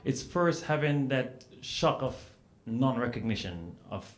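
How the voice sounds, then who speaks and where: A man from Jamaica with a Jamaican accent, telling anecdotes as a panelist, animated and full of "you know" fillers. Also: medium pitch, a little slow. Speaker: panelist author. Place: event hall at a book festival panel. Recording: roomy hall sound with faint noise.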